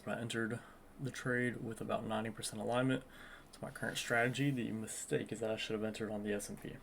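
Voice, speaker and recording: Young man, low and gravelly, earnest self-coaching trading vlog, faint hiss behind. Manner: earnest, self-coaching, repeats phrases for emphasis. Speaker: day trader vlogger. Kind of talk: reflective vlog commentary.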